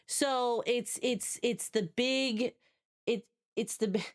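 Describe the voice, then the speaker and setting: Speaking slowly with a fairly even, high-leaning tone, this New Jersey woman is streaming a game. It's casual live chat: she talks to her viewers nonstop, curses freely, and frequently starts over mid-thought.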